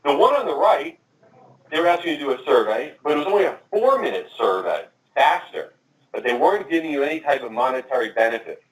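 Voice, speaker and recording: A fast-talking man presents to a conference audience, his slightly high voice energetic and direct. He sounds a bit distant from the microphone, and the room's echo hangs around his words. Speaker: conference speaker. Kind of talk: marketing presentation. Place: conference room. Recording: echoey and distant from the mic.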